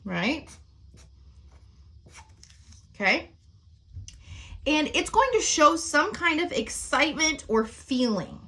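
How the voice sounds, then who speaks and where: A woman's voice: sits high, big pitch swings, slow, pauses often, bright, forceful tone. A woman teacher explaining sentence types in a recorded lesson, often checking in with "okay?" and "right?".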